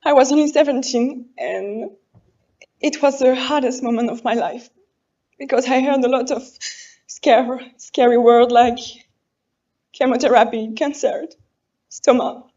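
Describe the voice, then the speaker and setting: A woman in her twenties from France, a native French speaker with a French accent, giving an earnest, halting prepared speech as a pageant contestant and correcting herself as she goes. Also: high-pitched, warm tone, muffled recording. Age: 20s. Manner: apologetic and earnest, halting English with self-corrections.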